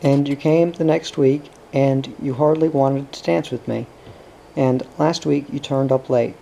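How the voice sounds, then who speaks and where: A man voicing an anxious young woman who pleads in an earnest, frightened way, in a flat, low, gravelly reading voice. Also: measured pace, slight background noise, low-quality recording. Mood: probing.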